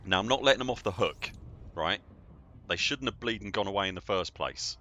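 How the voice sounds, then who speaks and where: A man's voice: fairly low pitch, expressive, brisk, bright, forceful tone, slight background noise. A man, chatting and joking in a rambling way as a game streamer at home. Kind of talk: casual livestream chat.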